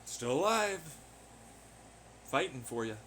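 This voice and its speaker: A man's voice: on the high side, sing-song, takes it slowly, a bit bright, slight background noise. A man rambling in a profane monologue, firing off rhetorical questions. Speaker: vlogger.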